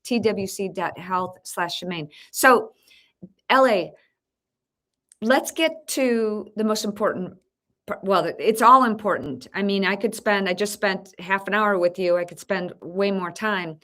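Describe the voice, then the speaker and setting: A woman's voice: mid-range voice, a little slow, fairly bright tone. A woman hosting an interview show, talking in a casual, chatty way. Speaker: host.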